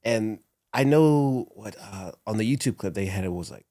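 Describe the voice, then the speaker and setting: A man, a professional wrestler, telling stories in a casual studio interview, animated, laughing often and acting out what people said. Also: fairly low pitch, moderate pace, dry recording. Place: podcast studio. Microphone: studio microphone.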